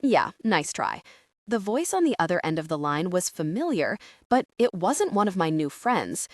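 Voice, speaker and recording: A woman's voice: on the low side, very animated, normal speed, no room sound, clean studio sound. A woman narrating a first-person audiobook in a wry, conversational way.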